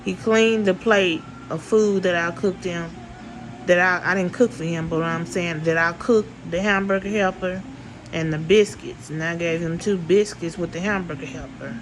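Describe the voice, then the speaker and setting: A woman's voice: fairly low pitch, fairly even intonation, moderate pace, music in the background, low-quality recording. A woman vlogger telling a story in casual speech, blunt and full of swearing, repeating herself for emphasis.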